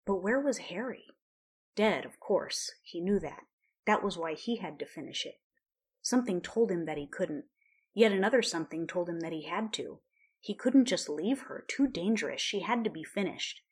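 Low-voiced woman narrating a story. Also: expressive, moderate pace, slightly rough. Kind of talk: storybook narration of fan fiction.

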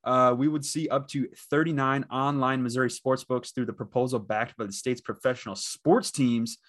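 A man's voice: medium pitch, fairly even intonation, normal speed, a bit bright. A man from the Dakotas hosting a sports betting podcast alone, talking casually and rambling with lots of fillers and restarts. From Midwest, the Dakotas. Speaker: podcast host.

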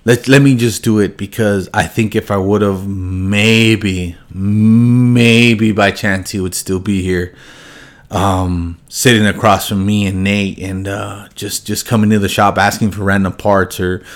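Choked-up man speaking haltingly, low voice. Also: flat delivery. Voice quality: halting, many fillers and restarts. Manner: subdued and heavy, voice dropping low when grieving. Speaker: car shop owner. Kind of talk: emotional personal remembrance to viewers.

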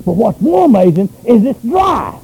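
A pastor preaching a sermon, swinging between loud shouted runs and quiet low asides. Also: male voice, sing-song, normal speed, husky, low-quality recording.

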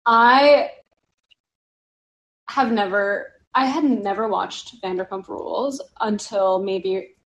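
A woman chats on a podcast in a loose, rambling way, peppering her sentences with "like". Her voice sits at an ordinary middle pitch for a woman. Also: slow pace, lo-fi sound. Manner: rambling, heavy use of "like". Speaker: podcast guest or host. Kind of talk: casual podcast chat.

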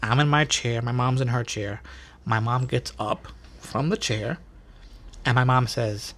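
A man hosting a podcast, telling stories in a casual, animated and profane way full of slang. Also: medium pitch, a little slow. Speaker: podcast host. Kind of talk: casual storytelling.

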